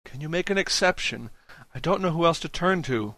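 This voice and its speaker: A strained, tearful young man begs for help in a raised, bright tone, as a male audiobook reader puts him on. The reading is recorded dry and close, with no room sound. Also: fairly high pitch, animated, a little fast, no room sound, voice pushed up. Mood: pleading. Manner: strained, near tears. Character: anxious young man, desperate, pleading for help.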